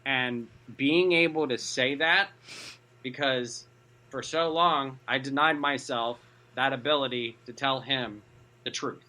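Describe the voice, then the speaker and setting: Bright-voiced man chatting casually. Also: mid-range voice, steady tone, slow pace, low-quality recording. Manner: rambling, many "like" fillers. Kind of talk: casual group chat.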